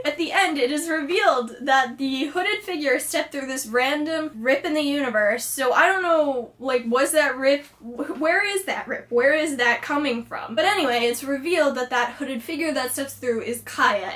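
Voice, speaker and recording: A woman's voice: high-pitched, a bit bright. A young woman vlogger recapping a TV episode in a gushing, chatty way. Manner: gushing, fangirlish, many likes.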